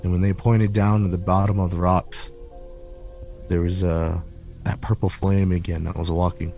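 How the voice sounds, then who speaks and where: A man with a very low voice tells a scary story on a podcast. He builds suspense slowly and repeats words for effect. Music plays clearly beneath his voice. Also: flat delivery, mellow. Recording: music playing under the voice.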